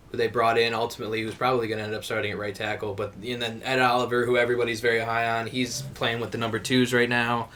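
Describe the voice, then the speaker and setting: Young male co-host, loose and animated, mic set a bit back. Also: medium pitch, far from the mic. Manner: animated storyteller, laughing, swears casually. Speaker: podcast co-host. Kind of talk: casual chat.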